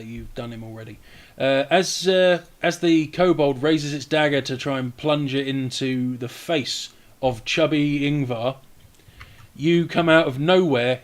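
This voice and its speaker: A man narrating as game master, relaxed, with frequent hesitations while describing the scene. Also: mid-range voice.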